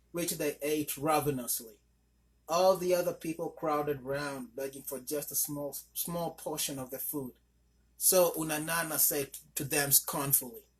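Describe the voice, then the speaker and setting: A man reading a folk tale aloud in a fairly high voice. His delivery is steady scripted narration, with small slips here and there. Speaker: storyteller.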